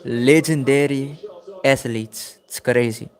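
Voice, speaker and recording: A man's voice: medium pitch, fairly even intonation, slow pace. A young South African man hosting a football watchalong livestream, chatting casually and calling out viewers by name. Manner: chatty, addresses viewers by name, repeats phrases. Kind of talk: casual livestream chat reading chat messages.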